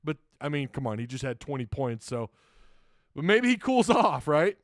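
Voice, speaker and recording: A male sports talk host who rambles and chuckles his way through a casual livestream. His voice sits a bit high for a man, and the sound is dry and close, with no room echo. He pauses for sponsor reads and viewer comments. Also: very animated. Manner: rambling, chuckling often, self-deprecating.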